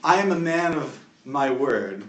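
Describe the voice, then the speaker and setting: A man's voice: animated, unhurried, lightly acted. A man voicing a towering, cruel male half-dragon warlord who taunts his foes, recorded in an echoey room from a distant mic with faint noise. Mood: smug. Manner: booming, taunting, theatrical.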